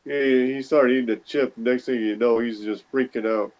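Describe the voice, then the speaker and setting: Hesitant, rambling male guest, mid-pitched, dull lo-fi call sound. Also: fairly even intonation, normal speed, a little mellow. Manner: rambling, hesitant with many fillers. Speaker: livestream guest. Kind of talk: casual chat.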